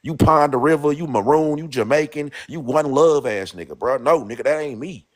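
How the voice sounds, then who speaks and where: A man's voice: a little high, moderate pace. A man from St. Louis with a Black American St. Louis accent, arguing insistently and repeating himself in a heated casual debate. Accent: St. Louis African American English. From St. Louis, USA. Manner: insistent, repetitive, peppers lines with "bro".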